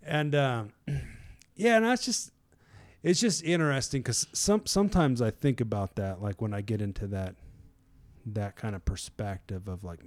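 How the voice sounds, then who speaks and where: A man's voice: mid-range voice, a little slow. Rambling man sharing a casual devotional. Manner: rambling, conversational, many fillers and restarts; chuckles often. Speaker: devotional speaker.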